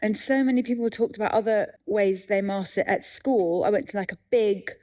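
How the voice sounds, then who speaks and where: A woman in her fifties, a comedian and author in a live festival conversation, telling self-mocking stories with lively energy. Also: mid-range voice, fairly quick. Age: 50s.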